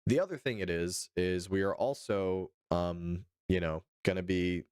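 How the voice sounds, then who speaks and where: A man's voice: sits low, measured pace, a little mellow, clear, resonant tone, dry recording, studio quality. A young man from Arizona hosting a casual political livestream, chatting with viewers and reading articles aloud with loose, profane asides. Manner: loose, profane, chatty, answers chat by name.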